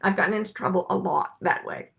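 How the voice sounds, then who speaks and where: A middle-aged woman hosting a reflective spiritual talk, speaking gently and musing, slowing down to stress her points. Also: mid-range voice, creaky. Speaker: podcast host and life coach.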